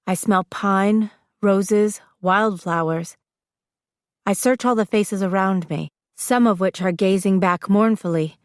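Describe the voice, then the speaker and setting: Woman narrator, audiobook, first person, measured, reflective, dry close sound. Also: mid-range voice, no echo.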